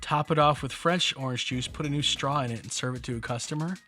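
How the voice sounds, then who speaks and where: A man with a mid-range voice talks fast as he co-hosts a podcast. He chats casually, an animated storyteller who tells jokey stories along the way.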